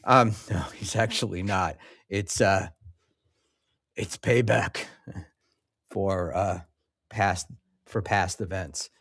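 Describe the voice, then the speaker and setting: A man hosting a casual livestream, reading chat messages aloud and answering them. He talks slowly and loses his thread, full of ums and restarts, with a dry, sarcastic edge. The sound is close and dry, with no room around it. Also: deep voice, fairly even intonation, fairly bright tone, husky, no room sound.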